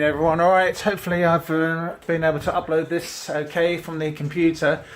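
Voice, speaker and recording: A woman's voice: low voice, level tone, a little fast, hardly any pauses, slight background noise. A woman vlogging outdoors in the woods, chatting casually and coaxing her dogs in a sing-song pet-talk voice. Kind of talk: casual vlog chat.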